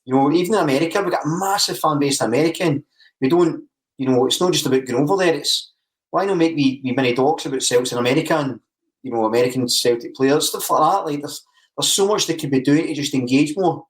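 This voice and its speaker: A man's voice: a little high, fast talker. A man, co-hosting a football podcast, rambling animatedly through ideas. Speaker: podcast co-host. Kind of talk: casual chat. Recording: roomy echo.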